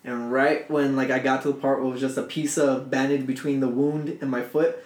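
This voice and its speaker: A young man telling a story to friends in casual chat, animated and swearing. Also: medium pitch, brisk. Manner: animated, swearing, laughs through his story. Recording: echoey room.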